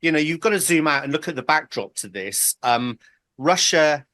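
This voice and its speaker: Blunt man, bright dry voice. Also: a little high, expressive, normal speed, dry recording. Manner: blunt, opinionated, many ums. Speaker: panel guest, fellow show host. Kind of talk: panel news debate.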